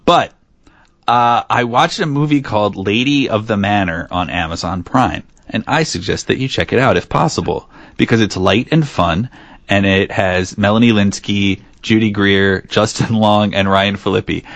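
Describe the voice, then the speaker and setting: A man's voice: fairly low pitch, moderate pace, a bit bright, dry recording. A man co-hosting a podcast, chatting casually and joking as he rambles. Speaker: podcast co-host.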